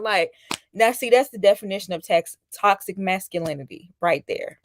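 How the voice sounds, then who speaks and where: A woman's voice: medium pitch, lively intonation, normal speed, no room sound, studio quality. Chatty woman hosting a live stream. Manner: chatty, reacts to viewer comments, mimics people mockingly. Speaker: host. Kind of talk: casual live-stream commentary.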